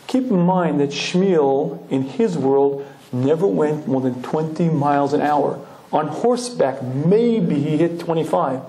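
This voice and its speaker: A male Torah lecturer telling a lively story, clearing his throat often. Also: a little high, a little slow. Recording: roomy echoing hall.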